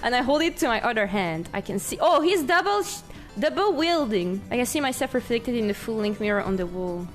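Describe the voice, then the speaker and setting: A woman with a fairly high voice is live-streaming a game and reading its text aloud. She giggles and bursts into excited outbursts, and her pitch swings widely. Faint game music plays behind her. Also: a little fast, hardly any pauses. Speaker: VTuber streamer.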